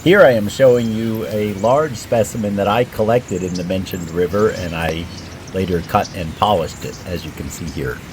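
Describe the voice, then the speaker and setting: With a deep voice and slight background noise, a man narrates his rock-collecting channel, reading a prepared script over footage. His delivery is careful, measured, and explanatory.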